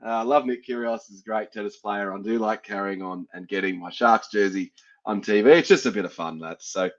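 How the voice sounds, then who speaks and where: A man's voice: lowish voice, a little fast. An Australian man hosting a sports podcast, chatting casually and laughing at his own fumbles. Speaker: podcast host. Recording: dull lo-fi sound.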